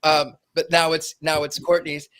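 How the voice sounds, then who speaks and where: A man's voice: fairly high pitch, monotone, normal speed, a bit bright. A man co-hosting a casual podcast chat, playful and teasing. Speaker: podcast co-host.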